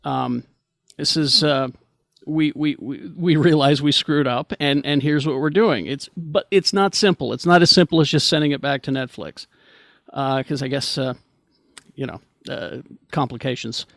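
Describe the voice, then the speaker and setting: Gravelly American man, rambling podcast chat. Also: fairly high pitch, moderate pace, fairly bright tone, dry recording, studio quality. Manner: rambling, hesitant with many restarts. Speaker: podcast host. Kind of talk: casual chat.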